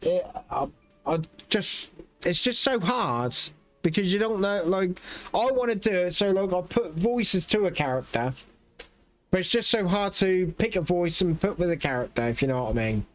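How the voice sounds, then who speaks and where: A man's voice: sits high, expressive, moderate pace. A man casually commenting on his gameplay, rambling and swearing freely. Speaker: gameplay streamer.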